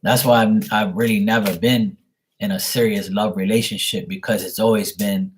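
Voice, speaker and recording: A man's voice: on the low side, fairly even intonation, moderate pace. A middle-aged man giving a live tarot reading, talking bluntly and swearing often as he rants. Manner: blunt, profane, ranting. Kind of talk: casual livestream talk.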